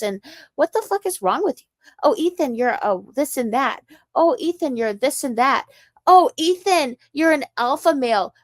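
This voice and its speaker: A woman's voice: on the high side, dry recording, studio quality. A young woman from the Midwest ranting on a livestream, taunting and mocking with profanity and laughs, while getting sick and coughing. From American Midwest.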